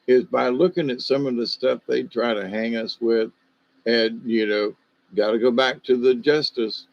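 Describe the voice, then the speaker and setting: Older male livestream host, slight Southern accent, rambling and halting, mid-pitched, muffled lo-fi sound. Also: creaky. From Ohio, USA. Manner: meandering, hesitant, many fillers. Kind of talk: rambling casual monologue.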